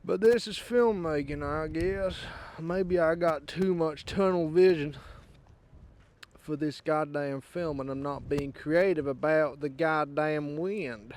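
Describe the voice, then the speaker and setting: An English man putting on a gruff Southern US drawl for a vlog monologue, folksy and fond of "y'all". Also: on the high side, takes it slowly, a little mellow. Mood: frustrated. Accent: put-on Southern US drawl. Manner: folksy, says "y'all", swears casually.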